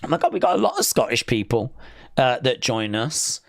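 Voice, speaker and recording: A man's voice: medium pitch, sing-song, brisk, no echo, clean studio sound. An English man hosting a live stream, reading viewer comments aloud and bantering with them in a playful, teasing way.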